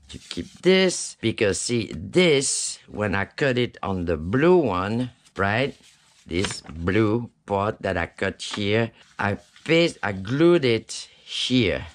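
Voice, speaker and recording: A man with a lowish voice walks the viewer through a craft project at an unhurried, easygoing pace. He keeps tossing in "right?" and "okay?" to check that the viewer is following. His tone stays chatty and reassuring while he works with his hands. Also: very animated, a little hiss or hum. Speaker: craft tutorial host. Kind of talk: casual step-by-step craft tutorial.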